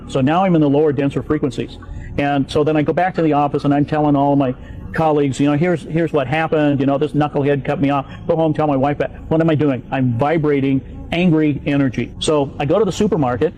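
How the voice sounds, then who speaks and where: Male explainer, mellow, slightly high voice, calm teaching delivery, music bed. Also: low-quality recording. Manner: plain teaching tone with everyday examples. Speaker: speaker in a played clip. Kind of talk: explanatory talk.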